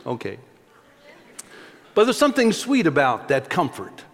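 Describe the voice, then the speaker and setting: In a church sanctuary with long hall reverb, a middle-aged pastor tells folksy stories during his sermon and frequently restarts by repeating words. His higher voice swoops wildly in pitch, with vocal fry and a measured pace.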